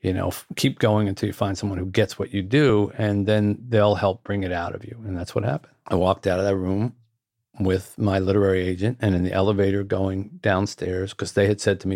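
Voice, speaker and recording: An author and guest telling a story in an earnest way, with repeated phrases and restarts. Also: male voice, sits low, little pitch movement, fast talker, darkish tone, no echo, studio quality. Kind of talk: anecdotal storytelling.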